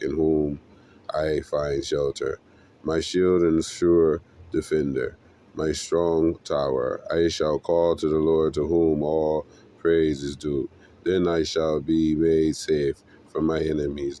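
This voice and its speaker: A man giving an earnest, emotional devotional Bible reading, pausing as he goes. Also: very deep voice, dark tone, a little hiss or hum. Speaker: scripture reader.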